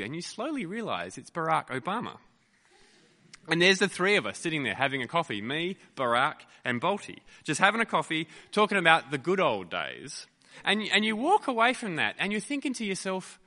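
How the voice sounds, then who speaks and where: A male pastor preaching a sermon, telling stories in an animated way with frequent fillers, in a lecture theatre used as a church. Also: a little high, moderate pace, long reverb tail. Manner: animated storytelling with many fillers.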